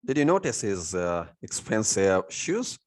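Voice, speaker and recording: Male tutor, lowish voice, self-answering teaching questions. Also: very animated, unhurried. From India. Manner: repeats "means what?" and answers himself, many "you know" fillers. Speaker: English teacher. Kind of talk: recorded lesson explaining vocabulary.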